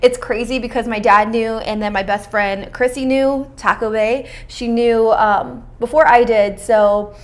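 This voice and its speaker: Chatty young woman, slightly high voice. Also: fairly even intonation, unhurried, few pauses. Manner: chatty and informal, with lots of "like" and "you know" fillers and slang. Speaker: beauty vlogger. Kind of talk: casual chat while doing makeup.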